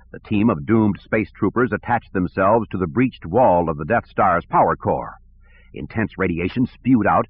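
A man narrating an audiobook in a steady, measured way, on a tinny recording. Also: lowish voice, breathy edge. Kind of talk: scripted narration. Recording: tinny phone-like sound.

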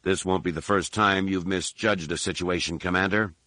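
A man's voice: low voice, steady tone, moderate pace, bright, forceful tone, no room sound. A man doing a cool, self-assured young Jedi. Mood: confident. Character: bold young male Jedi, confident.

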